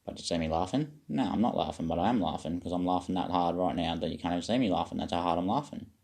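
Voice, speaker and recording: A man with a notably low voice talks to his viewers in a wandering, circling monologue. He questions himself as he goes and drifts into spiritual musing, with casual swearing along the way. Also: quick pace, gravelly, a little mellow. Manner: meandering, self-questioning, occasional swearing. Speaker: vlogger.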